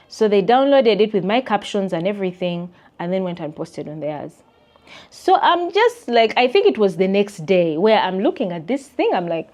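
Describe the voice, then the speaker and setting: A young woman with a Ugandan accent, ranting to her viewers in an emphatic, indignant, chatty way. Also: mid-range voice. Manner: emphatic, indignant, animated with voiced quotes. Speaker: vlogger and content creator. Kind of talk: casual rant to camera.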